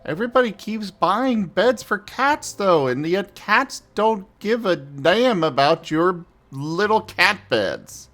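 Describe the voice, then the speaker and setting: A man's voice: high-pitched, animated, slow, few pauses, a bit bright, faint music behind. A man hosting a casual gaming stream, bantering playfully and teasing his friends. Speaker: streamer host.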